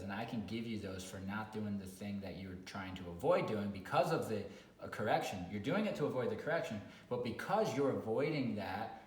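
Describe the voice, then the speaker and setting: A man working as a dog trainer, talking bluntly in a casual video chat and sometimes swearing, loudly acting out dog owners. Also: on the low side. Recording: echoey room with faint noise.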